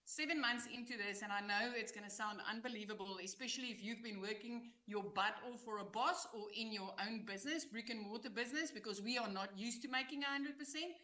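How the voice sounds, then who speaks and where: A woman's voice: fairly high pitch, brisk, hardly any pauses, sharp tone. A South African woman giving an earnest, emotional testimonial on a webinar. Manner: earnest, heartfelt, emphatic. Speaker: coaching client giving a testimonial.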